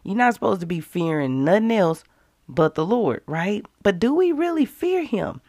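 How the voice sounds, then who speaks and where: A woman's voice: medium pitch, big pitch swings, moderate pace, darkish tone, dry recording, studio quality. A woman with speech, a mother, teaching a casual devotional and talking straight to her listeners with emphatic, conversational energy. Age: adult with children. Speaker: Christian devotional host.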